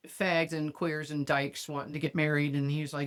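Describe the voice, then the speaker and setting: A woman's voice: low-pitched, brisk, vocal fry. A woman hosting a podcast in a casual chat, telling stories bluntly and with plenty of cursing. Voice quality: profane, blunt. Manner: animated storyteller who acts out other people's lines. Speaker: podcast host.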